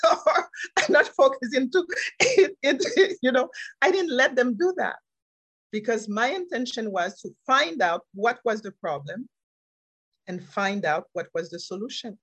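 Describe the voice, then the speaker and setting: Husky woman telling a story on a podcast. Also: a little high, a little slow. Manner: animated, laughs often between phrases; repeats key phrases for emphasis. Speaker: podcast speaker and life coach.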